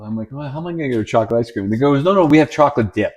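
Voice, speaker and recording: A middle-aged man and father of three on a casual podcast, telling stories with repeated words and acted-out shouts. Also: mid-range voice, racing. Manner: lively storyteller, repeats words, acts out shouting. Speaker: podcast co-host. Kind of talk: casual chat, storytelling.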